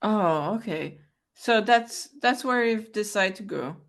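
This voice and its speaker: A woman playing a tabletop game, talking in an animated, hesitant way and often exclaiming. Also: medium pitch, takes it slowly. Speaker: player.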